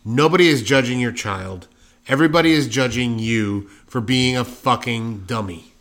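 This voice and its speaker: A man's voice: medium pitch, moderate pace, a bit bright. A man in casual chat as a podcast co-host, ranting emphatically and swearing a lot.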